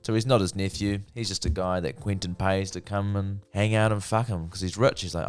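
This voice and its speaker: Young dude with a low smooth voice chatting about a show, swears a lot, super casual. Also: male voice, steady tone, brisk, few pauses, soft background music. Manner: chatty, swears freely, acts out characters' lines. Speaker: TV review vlogger. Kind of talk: casual spoken review.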